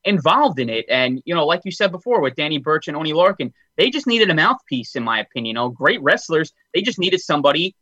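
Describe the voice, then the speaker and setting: A man's voice: a little high, very animated, quick pace, hardly any pauses, pushed and bright, husky, no room sound, lo-fi sound. A man co-hosting a casual wrestling podcast, rambling a bit and using lots of filler words. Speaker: podcast co-host.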